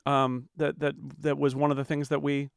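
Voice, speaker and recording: A man's voice: medium pitch, flat delivery, moderate pace, gravelly, clear, resonant tone, no room sound. A middle-aged man from the United States, co-hosting a podcast in casual chat, telling stories with many restarts and fillers. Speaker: podcast co-host.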